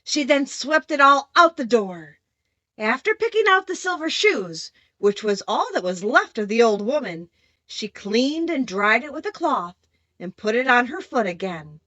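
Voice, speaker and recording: A woman reading a children's classic aloud as an audiobook narrator, steady and clear. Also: on the high side, a little slow, dry recording. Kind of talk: scripted storybook narration.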